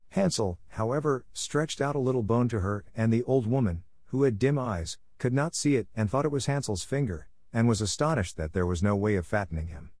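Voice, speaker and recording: Low-voiced man reading a fairy tale. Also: lively intonation, fairly quick, few pauses, a little mellow, no room sound, studio quality. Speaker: narrator. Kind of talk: storybook reading for learners.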